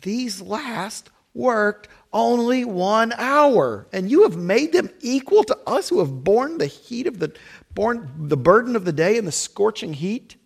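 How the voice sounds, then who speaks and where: A man voicing indignant early-hired vineyard workers, complaining in a whiny, drawn-out way. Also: sits high, very animated, creaky, slightly rough, pitched above the performer's own voice, heavily acted.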